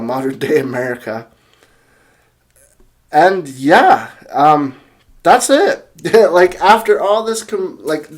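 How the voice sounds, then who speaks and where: This is a young man who hosts a music channel, speaking in a mid-range voice. In a casual video he excitedly rambles through a chaotic story, restarting often, using lots of fillers, and reading quotes off his notes.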